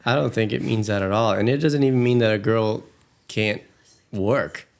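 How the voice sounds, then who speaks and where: Young guy cohosting a podcast, kinda low and gravelly, rambles on earnestly, does little voices for quotes. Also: moderate pace. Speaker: podcast co-host. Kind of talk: casual chat.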